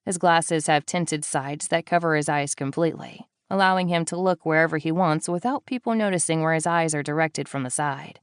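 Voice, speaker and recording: A woman reading a first-person thriller in a low, even voice, slipping in wry, deadpan asides. The recording is close and completely dry, with no room around her. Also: brisk, few pauses, smooth, no room sound. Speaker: audiobook narrator. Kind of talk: first-person audiobook narration.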